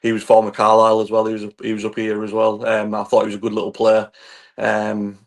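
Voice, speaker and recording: A man with a fairly low, level voice hosts a relaxed football podcast. He talks casually, leans on fillers, and keeps passing the floor to his co-hosts. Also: fast. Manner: relaxed, hands over to co-hosts with filler words. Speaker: podcast host.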